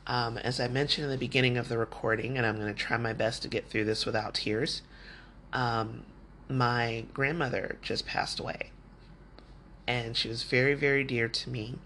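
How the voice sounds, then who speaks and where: A man hosts a casual advice podcast in a medium-pitched voice that sounds pushed and bright, keeping his intonation fairly even at a moderate pace. Candid and talkative, he often acts out quoted remarks from people, with slight background noise in the recording.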